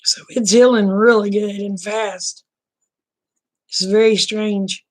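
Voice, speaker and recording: A middle-aged woman with an Oklahoma accent, hosting a casual late-night livestream chat and talking to viewers by name, her throat a bit rough. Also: mid-range voice, slow. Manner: relaxed, folksy, talks to viewers by name. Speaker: livestream host chatting with viewers.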